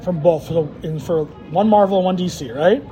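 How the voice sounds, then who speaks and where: A man's voice: sits high, a little fast, dark tone, soft background music, low-quality recording. A man co-hosting a casual podcast, teasing his friend and rambling with many restarts over a card game. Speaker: podcast co-host.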